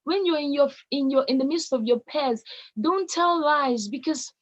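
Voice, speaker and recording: Nigerian woman, high-pitched, emphatic and exhorting, motivational conference talk, muffled lo-fi sound. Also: moderate pace. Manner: emphatic, exhorting, repeats key words for stress. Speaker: conference speaker addressing young people.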